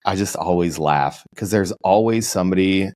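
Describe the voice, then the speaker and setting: A young man co-hosting a podcast, telling animated stories in casual chat and mimicking people he talks about. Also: moderate pace, no room sound, clean studio sound. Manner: animated storytelling, mimics people in high put-on voices. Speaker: podcast co-host.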